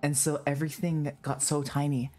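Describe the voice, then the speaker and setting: A man's voice: a little high, level tone, moderate pace, a little mellow, faint music behind. A man streaming a horror game, chatting in a rambling, self-mocking way and breaking into screams and laughter when scared. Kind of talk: live game commentary.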